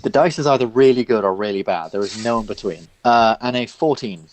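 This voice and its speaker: A man's voice: on the low side, fairly quick, background noise. A man narrating as dungeon master of a tabletop game, describing scenes in loose, filler-heavy speech.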